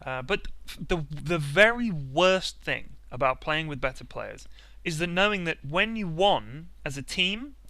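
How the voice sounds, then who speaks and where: A man's voice: on the high side, expressive, unhurried, pushed and bright, no room sound. A young man hosting a comedic gaming rant, sarcastic and self-mocking. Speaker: video host.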